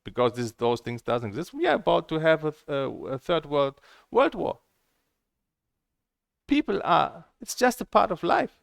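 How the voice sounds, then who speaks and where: Blunt ranting male vlogger, gravelly and lively, dry close sound, swears freely. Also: fairly high pitch, moderate pace, no room sound. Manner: blunt, heated and profane; repeats himself, restarts phrases. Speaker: table tennis game vlogger. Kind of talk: casual ranting monologue.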